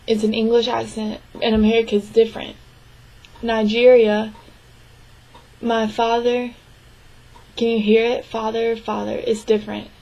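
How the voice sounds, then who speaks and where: A young woman voicing a signed interview aloud, her voice sitting fairly high. She keeps an even, flat tone and breaks her speech into short, halting phrases. She often stops to clear her throat. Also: low-quality recording. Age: young adult. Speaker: sign language interpreting student.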